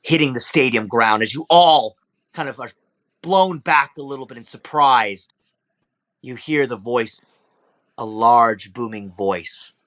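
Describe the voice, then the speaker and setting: Brief: young male game master, relaxed narration with fillers. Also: mid-range voice, a little slow, no echo. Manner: casual, loose, many fillers.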